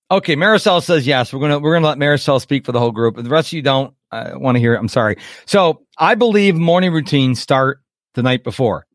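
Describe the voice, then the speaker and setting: Man, webinar host, middle pitch, dry close sound, chatty, acts out quotes. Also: normal speed, no room sound. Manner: chatty, animated, acts out quotes and checks in with "okay?". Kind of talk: live webinar talk.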